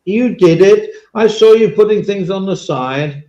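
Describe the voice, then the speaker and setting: A man's voice: high-pitched, a little slow, mellow, echoey room, muffled recording. An English man hosting a casual podcast chat, rambling and swearing now and then. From England. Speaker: podcast host.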